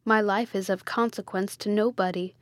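A woman's voice: mid-range voice, steady tone, moderate pace, dry recording, studio quality, close to an everyday voice. A woman voicing a brave, humble young peasant man who speaks earnestly and modestly.

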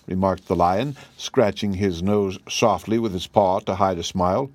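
A man narrating a children's storybook chapter in a steady, even reading voice. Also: low voice, normal speed, dry recording. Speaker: audiobook narrator.

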